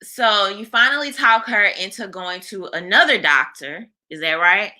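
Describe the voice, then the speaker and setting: Woman interviewer, crisp bright voice, quick recap questions. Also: mid-range voice, expressive, low-quality recording. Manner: prompting questions, backchannel. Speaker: host, interviewer. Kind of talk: casual interview.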